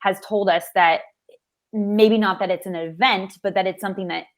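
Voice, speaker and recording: A woman's voice: mid-range voice, steady tone, moderate pace. A woman hosting an interview, talking earnestly with many "you know" fillers. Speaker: interview host. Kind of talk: conversational interview.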